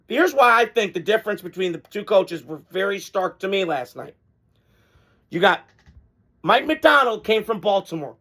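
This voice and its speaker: A man's voice: high-pitched, fairly bright tone. A man hosting a casual football reaction vlog, blunt and rambling, swearing freely as he gives his takes. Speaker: sports commentator host.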